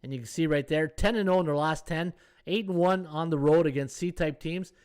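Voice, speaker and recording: A man hosting a sports betting live stream in a casual, thinking-aloud way. His voice sits a little high for a man. He chats his way through odds and viewer comments. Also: a little fast, a little mellow, clear, resonant tone. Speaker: sports betting podcast host.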